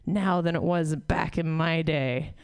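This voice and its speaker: A woman voicing an old male hippie who drawls slowly. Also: low-pitched, fairly even intonation, clean tone, voice pushed down. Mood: mellow.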